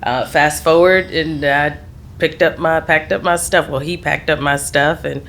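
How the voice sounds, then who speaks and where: A woman's voice: low voice, fairly even intonation, measured pace, a bit bright, slight background noise. A middle-aged woman, a podcast guest, telling her life story in candid conversation and laughing easily. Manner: laughs readily, trails off and restarts.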